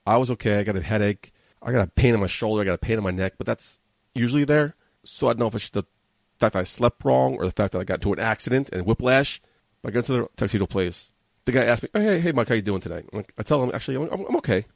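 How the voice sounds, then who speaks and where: A man's voice: lowish voice, quick pace, creaky, no room sound. A man from New hosting a podcast, telling a story in a casual, profane, agitated and rambling way. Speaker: podcast host. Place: studio.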